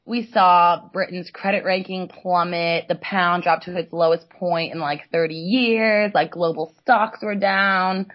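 A young woman co-hosting a podcast in casual chat, playful and teasing, firing off quick questions. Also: on the low side, steady tone, a bit bright. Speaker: podcast co-host.

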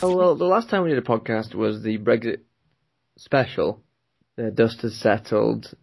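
Gravelly-voiced man, laid-back. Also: fairly low pitch, normal speed, noisy background. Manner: laid-back anecdotal storytelling, laughs often. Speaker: podcast co-host. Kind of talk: casual chat.

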